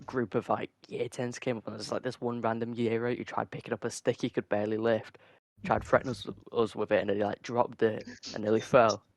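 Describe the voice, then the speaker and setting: Excitable young guy, dry mic. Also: lowish voice, creaky, dry recording. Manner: excitable, jokey, quick interjections. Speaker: podcast co-host. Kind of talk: casual chat.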